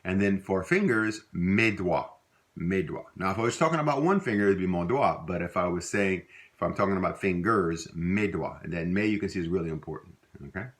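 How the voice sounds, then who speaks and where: A middle-aged man with a Louisiana accent gives a casual spoken language lesson. His voice sits very low. He rambles easily, using fillers and correcting himself mid-sentence. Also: a little fast. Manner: relaxed, rambling, with many fillers and self-corrections. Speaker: language teacher.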